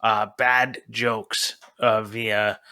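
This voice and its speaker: A man co-hosting a podcast, speaking with a bright, forceful voice. His talk is casual and rambling, full of ums and restarts. The sound is dry and close. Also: on the low side, little pitch movement, extremely slow, no room sound. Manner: rambling, filler-heavy recommendations. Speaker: podcast co-host.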